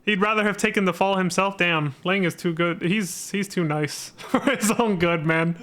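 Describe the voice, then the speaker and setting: Laid-back, swearing male streamer, high voice. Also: moderate pace, a bit bright. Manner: laid-back, profane, laughing asides. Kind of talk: casual let's-play commentary.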